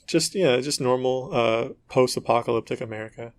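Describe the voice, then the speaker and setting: A man co-hosting a casual gaming podcast, telling stories in an animated way and acting out dialogue. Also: medium pitch, a little fast, smooth. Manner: animated storytelling, acts out dialogue in quotes. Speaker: podcast co-host. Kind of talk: casual chat.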